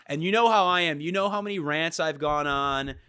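A man's voice: fairly high pitch, fairly quick, pushed and bright, smooth. A young man in a casual chat, telling a travel story with lots of swearing and acting out the people he met.

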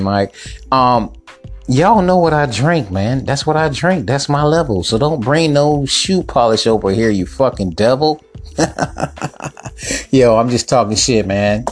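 A man hosting a show, ranting in a mocking, profane way and tagging "man" onto his lines. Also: on the low side. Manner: swearing, mocking, repeats "man". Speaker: show host. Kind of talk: profane comic rant.

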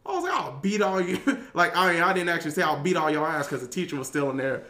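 At a quick pace, a male youth detention worker appearing as a guest tells a story casually and animatedly, voicing the quotes with big jumps in pitch. The sound is roomy.

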